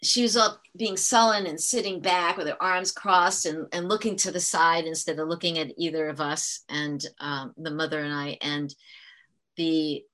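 A woman's voice: low-pitched, fairly even intonation, moderate pace, fairly bright tone. Earnest woman teacher explaining at length. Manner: earnest, explanatory, with frequent restarts. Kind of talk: conversational interview storytelling.

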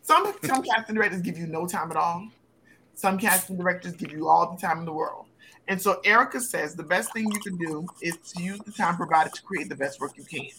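A woman co-hosting a podcast for actors, chatting casually and telling lively, slangy stories. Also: fairly low pitch, fairly quick, a little hiss or hum. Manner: lively storyteller, slangy, laughs often. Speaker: podcast co-host. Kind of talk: casual chat.

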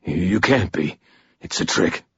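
A man voicing a grim older male warden in an audiobook, speaking in a low, subdued mumble. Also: very animated, measured pace, vocal fry, a bit bright, husky, dry recording, dull audio, heavily acted. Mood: disbelieving. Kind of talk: audiobook character voice.

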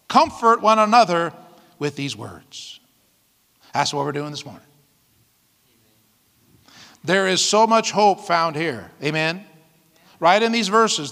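High bright-voiced preacher guy, whoops and laughs through his sermon, big echoey church sound. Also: gravelly. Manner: exuberant, whooping and laughing between scripture readings. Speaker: pastor.

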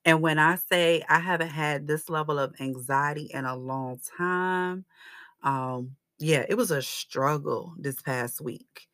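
A woman hosts her own faith-centered podcast, speaking in a low, unhurried voice. She talks earnestly and casually to her listeners, turning emphatic when she declares what she believes. The recording is dry, with no room sound. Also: a bit bright, no room sound. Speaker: podcast host.

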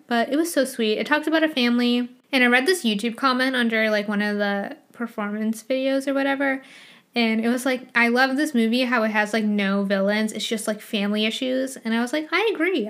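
Young female solo podcaster, bubbly and gushing, slightly high-pitched. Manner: chatty, gushing, laughs often. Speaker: podcast host.

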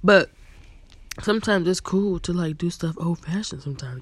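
A woman's voice: on the low side, moderate pace, breathy edge. A woman co-hosting a casual podcast, talking bluntly with swearing and rambling asides. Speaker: podcast co-host. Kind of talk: casual chat.

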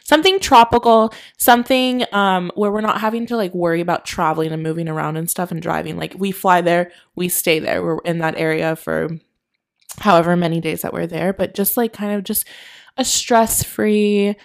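A woman's voice: lowish voice, moderate pace, gravelly. A young adult woman co-hosting a podcast in casual chat, giggling and rambling with lots of likes and restarts. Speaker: podcast co-host.

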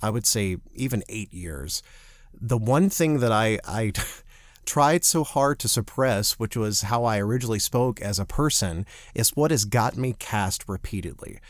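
A man from the Southern United States co-hosting a podcast, an actor telling animated, self-deprecating stories and giving advice. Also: lowish voice, measured pace, no room sound. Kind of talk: casual chat with advice.

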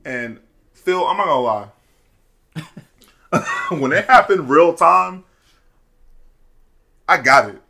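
A man's voice: fairly high pitch, lively intonation, slow, creaky, long pauses, pushed and bright. A young man in casual chat, telling stories loosely with lots of fillers and restarts. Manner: loose storytelling, lots of fillers and self-interruptions.

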